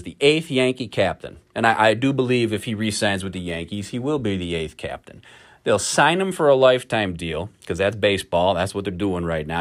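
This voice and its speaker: Animated, ribbing podcast host man. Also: medium pitch, dry recording, clean studio sound. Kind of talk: casual sports talk.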